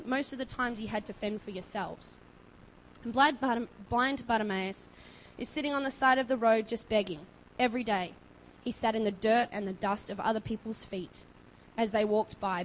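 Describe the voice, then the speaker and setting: A woman preaching a sermon, impassioned and building to loud emphasis. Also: fairly high pitch, slight background noise, poor audio.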